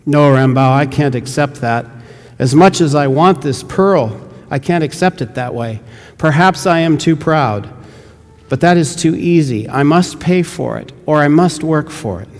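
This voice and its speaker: A man's voice: a little high, a little slow. A man playing an earnest missionary, speaking urgently and persuasively, heard with a long hall reverb. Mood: insistent. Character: earnest, eager male missionary.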